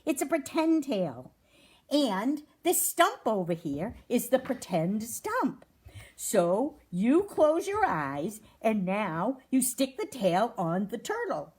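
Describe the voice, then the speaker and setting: A woman putting on a squeaky, excitable little male muskrat from a children's storybook. His voice climbs high and swoops all over with eager energy. The tone is soft and breathy, and the pace is unhurried. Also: heavily acted. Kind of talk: reading a children's storybook aloud.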